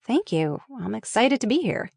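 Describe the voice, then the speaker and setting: A woman's voice: big pitch swings, moderate pace, vocal fry, a little mellow, slightly rough, no room sound, clean studio sound, full character voice. A woman voicing a flashy makeup artist in her late thirties, bubbly and eager, while reading a screenplay aloud. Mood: gushing. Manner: bubbly, eager, pitch jumping up.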